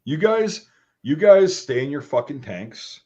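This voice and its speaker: An army veteran co-hosting a podcast speaks at a measured pace in a fairly high voice, telling war stories in a casual, profane chat full of swearing and acted-out quotes. The lo-fi audio sounds slightly dull.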